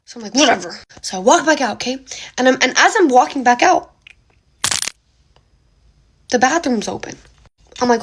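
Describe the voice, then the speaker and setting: A young woman with a fairly high, husky voice speaks briskly into her phone, casually telling a dramatic ghost story. She's animated, using slang, gasping, and exaggerating along the way.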